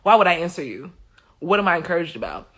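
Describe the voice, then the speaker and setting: Woman, host, live-stream Bible commentary, animated, slangy, bright. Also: on the low side, quick pace, breathy edge.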